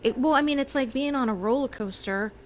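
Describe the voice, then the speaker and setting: A woman's voice: high-pitched, fairly quick, slight background noise. A woman hosting a casual spiritual livestream, talking loosely as a medium with lots of fillers. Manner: chatty, with many fillers and small laughs. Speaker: psychic medium host.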